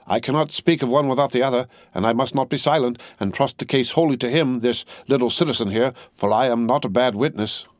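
A man reading the part of a stern, ruthless middle-aged female revolutionary, speaking in a cold, commanding, deliberate way. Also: mid-range voice, dry recording, clean studio sound, voice pushed up, lightly acted.

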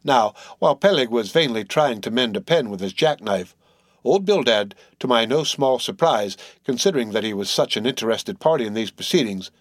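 A male narrator reading a classic novel aloud, measured and gently wry. His voice sits at a middling pitch, recorded close and dry with no room sound. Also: animated, dry recording. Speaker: audiobook narrator. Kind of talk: literary audiobook narration.

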